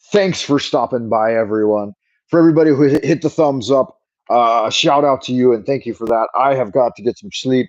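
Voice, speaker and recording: A middle-aged man signs off a casual livestream in a playful put-on Irish lilt, rambling and thanking his viewers one by one. His voice is mellow and relaxed. The stream audio is slightly dull and lo-fi, picked up by a camera mic. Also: medium pitch. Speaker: livestream host. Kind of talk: casual late-night livestream chat.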